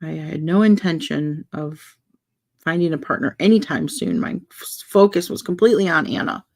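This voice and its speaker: A young woman chatting casually while building a wooden puzzle, rambling and soft-spoken with many fillers and restarts. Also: deep voice, lively intonation, moderate pace, vocal fry. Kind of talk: casual chat while crafting.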